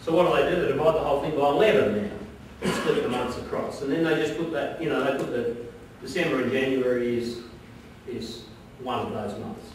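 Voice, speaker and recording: A man's voice: medium pitch, fairly quick. Man lecturing in an echoey hall. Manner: conversational, often checks in with the audience. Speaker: business seminar presenter. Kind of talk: live seminar lecture. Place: seminar room at an arts centre. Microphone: distant room mic. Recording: very echoey hall from far off, faint noise.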